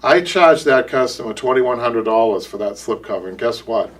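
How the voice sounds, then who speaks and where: Recorded far from the mic with slight background noise, this upholstery shop owner hosts his live stream in a Boston accent. His mid-range voice is animated at normal speed, and his casual chat rambles, with repeated words and restarts.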